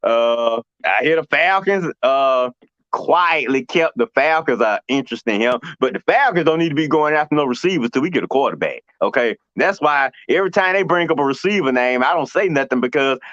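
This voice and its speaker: A man's voice: medium pitch, lively intonation, fairly quick, a bit bright, dry recording, dull audio. A man hosting a sports talk show, teasing his co-host and going off on slangy mock rants. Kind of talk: casual sports banter.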